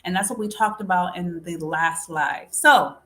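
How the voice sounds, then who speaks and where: A woman's voice: on the low side, normal speed, pushed and bright, a little hiss or hum. A woman hosting a casual live stream, talking straight to her viewers and calling them folks. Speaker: livestream host.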